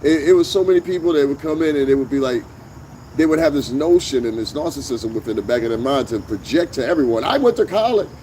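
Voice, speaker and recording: A man's voice: mid-range voice, fast talker, warm tone, a little hiss or hum. A man hosting a commentary vlog, ranting bluntly with heavy profanity and emphatic jabs. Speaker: vlog host. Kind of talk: opinionated commentary rant.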